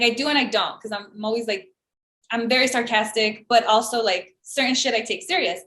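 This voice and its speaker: Animated woman on a podcast, echoey room. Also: sits high. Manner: animated storytelling, acts out quoted voices, sarcastic. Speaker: podcast co-host. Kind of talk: casual chat.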